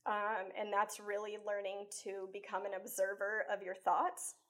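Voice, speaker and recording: A woman life coach talking casually as an interview guest, chatty and animated, acting out her own thoughts with lots of "like" and "you know.". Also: medium pitch, moderate pace. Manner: acts out her own inner thoughts while telling stories. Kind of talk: conversational interview.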